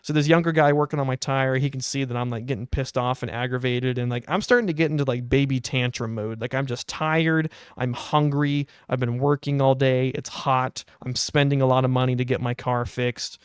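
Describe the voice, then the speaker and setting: A young man tells a story in a casual, animated, exasperated way as a podcast co-host. His voice is mid-pitched, smooth and clear. It is recorded close on a mic with a dry sound. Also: brisk, few pauses, no echo.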